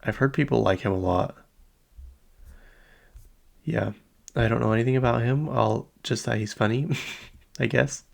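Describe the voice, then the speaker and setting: A man's voice: mid-range voice, unhurried, gravelly, pauses often. A man in his late twenties chatting casually on his own, rambling through asides and fillers as a podcast host. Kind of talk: casual solo pop-culture chat.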